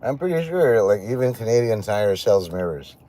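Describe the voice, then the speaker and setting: Animated, rambling male streamer. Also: fairly low pitch, normal speed. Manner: rambling, joking, lively intonation. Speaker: livestream host. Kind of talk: casual livestream chat.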